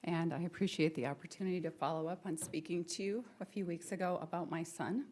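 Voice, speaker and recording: A woman's voice: lowish voice, fast talker, a little mellow, slight background noise. A woman and parent giving an emotional public comment at a school board meeting, pleading and repeating her questions. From North Dakota, US.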